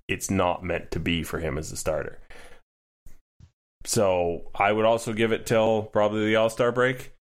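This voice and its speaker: A man's voice: low voice, a bit bright. A man co-hosting a podcast in casual sports chat, wry and joking, with rambling asides. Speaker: podcast co-host.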